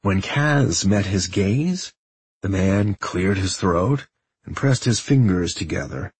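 A man narrates a story at an unhurried, measured pace. His voice is strongly husky and breathy, sitting a little low. The sound is dry and close, with no room around it. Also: lively intonation, no room sound. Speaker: audiobook narrator. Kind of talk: scripted narration.

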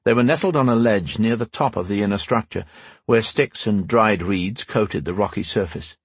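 A man giving expressive scripted narration of a fantasy audiobook. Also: fairly low pitch, normal speed, husky, no echo.

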